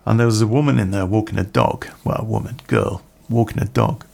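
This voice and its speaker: Middle-aged male storyteller, lowish fry-edged voice, loose rambling delivery full of curses. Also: fairly even intonation, a little fast, a little mellow. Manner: swears freely, rambling anecdotal asides. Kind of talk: casual spoken storytelling.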